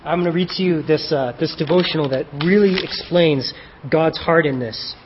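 Guy preaching, kinda high voice, asks questions then answers em, muffled recording w/ a faint hiss. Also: moderate pace. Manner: asks rhetorical questions and answers them himself; reads in an old-fashioned scriptural style. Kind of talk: sermon with a devotional reading. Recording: dull, echoey hall with faint hiss.

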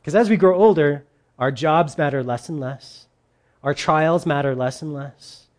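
Lively preacher with jokey asides. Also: mid-range voice, measured pace. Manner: lively, jokey asides, acts out quotes in put-on voices. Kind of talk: sermon.

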